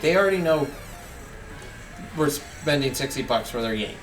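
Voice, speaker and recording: Male gaming host, emphatic and jokey, slightly high voice, off-mic, faint game music. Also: animated, moderate pace, distant mic. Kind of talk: casual gameplay commentary.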